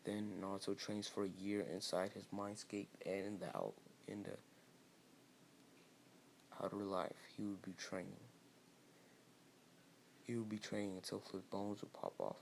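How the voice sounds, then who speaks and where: A man's voice: on the low side, gravelly, a little hiss or hum. A man casually improvising a fan-fiction story, rambling with restarts and fillers.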